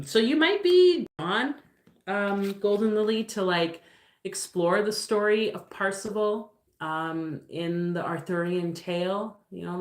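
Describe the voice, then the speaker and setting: A woman's voice: deep voice, roomy sound. A woman doing a casual live card reading, musing aloud with lots of fillers and loose, rambling phrasing. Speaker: tarot reader on a livestream.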